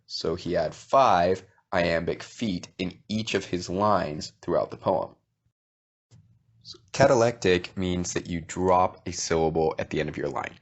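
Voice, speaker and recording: Man, very low voice, step-by-step lesson, checks in with listener, muffled lo-fi recording. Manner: explains step by step, checking in with "okay?". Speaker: poetry teacher. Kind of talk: explanatory video lesson. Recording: dull lo-fi sound.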